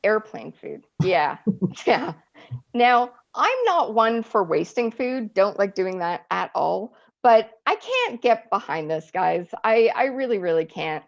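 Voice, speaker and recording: A woman's voice: mid-range voice, big pitch swings, takes it slowly, vocal fry, highs cut off. A woman doing a stand-up set, chatty and self-deprecating, often laughing at her own jokes. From Eastern Europe. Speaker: stand-up comic. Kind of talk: stand-up routine.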